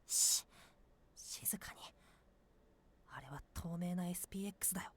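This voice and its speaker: Woman doing a whispery rookie detective, low-ish and super fast. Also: close to an everyday voice. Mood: hushed. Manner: whispered, urgent. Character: hushed novice detective leading the group.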